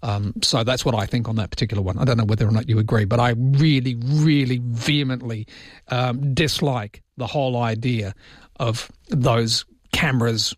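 Chatty Welsh radio host with a lisp. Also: male voice, mid-range voice, fairly even intonation, normal speed, no room sound, studio quality. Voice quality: slight lisp. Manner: chatty, reading listener texts and giving firm opinions. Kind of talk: casual talkback radio. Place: radio studio. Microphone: studio microphone.

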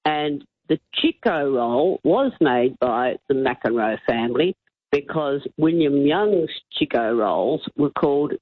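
A woman's voice: rumbling low, lively intonation, slow pace, no room sound. A woman calling in to a talkback show, precise and insistent about getting her facts right. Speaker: caller. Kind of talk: phone-in talkback call. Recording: tinny phone line.

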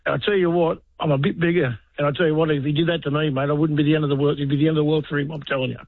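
A man's voice: on the high side, level tone, very fast, no echo. An Australian man in his fifties, an army veteran calling a talk radio show, fired up and indignant, swearing mildly. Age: 50s. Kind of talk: talkback phone call. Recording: tinny phone line.

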